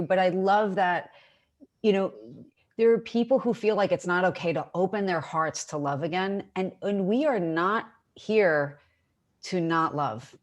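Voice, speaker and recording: A woman's voice: medium pitch, a little slow. A woman hosting an interview, speaking effusively and stammering through repeated starts. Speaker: interview host. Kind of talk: casual conversational interview.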